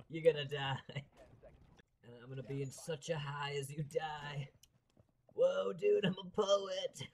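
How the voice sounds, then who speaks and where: A man voicing a stoned, laid-back male soldier in a slow, slurred stoner drawl. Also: fairly high pitch, steady tone, vocal fry, a little mellow.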